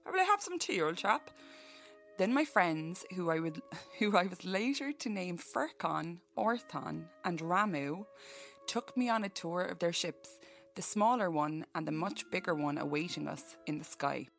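A woman's voice: fairly low pitch, a little slow, creaky, faint music behind. A woman hosting a podcast who reads a book aloud and breaks off for profane, jokey asides. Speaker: podcast host.

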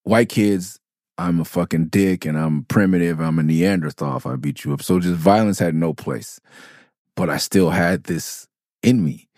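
Low gravelly-voiced man telling stories. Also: moderate pace, darkish tone, dry recording, studio quality. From Los Angeles. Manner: raw, profane, restarts and loops back on himself. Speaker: podcast host, rapper. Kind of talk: candid storytelling monologue.

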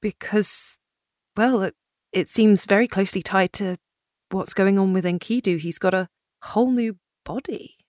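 A woman's voice: mid-range voice, moderate pace, darkish tone, no echo, studio quality. A woman playing a tabletop game, thinking aloud in an earnest way. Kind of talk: casual chat.

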